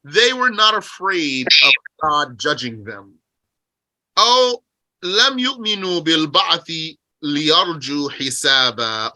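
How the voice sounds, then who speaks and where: A man with a very bright, forward voice and a fairly high pitch teaches a religious text. He reads Arabic lines at speed, then slows down to explain them in English and poses questions to his listeners. The sound is close and dry. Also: no echo. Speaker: teacher explaining a Qur'an commentary.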